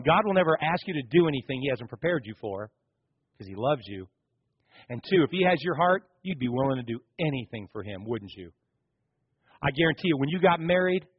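A man preaching a sermon as pastor, animated, swinging between raised emphasis and hushed asides. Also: on the high side, breathy edge, no echo, dull audio.

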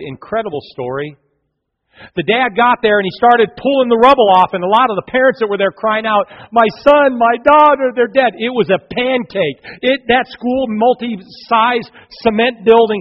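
A male pastor preaching a sermon, telling a story with passion and big swings from loud to quiet. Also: fairly high pitch, husky. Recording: long hall reverb, dull lo-fi sound.

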